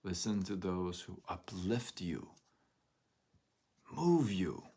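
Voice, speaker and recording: Slow, low-voiced man giving pep talk. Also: expressive, warm tone, breathy edge. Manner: earnest, emotional, repetitive encouragement. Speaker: motivational live-stream host. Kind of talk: motivational live talk.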